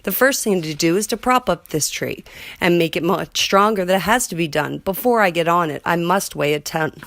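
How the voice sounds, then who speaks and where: A woman voicing a kind, faithful male elephant in an earnest, steady way for a storybook. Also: fairly low pitch, normal speed, dry recording.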